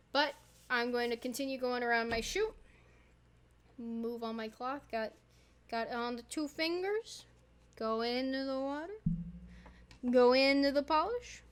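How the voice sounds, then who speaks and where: A young woman chatting casually while showing a tutorial, playful and rambling with little asides. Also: on the high side. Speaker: YouTuber.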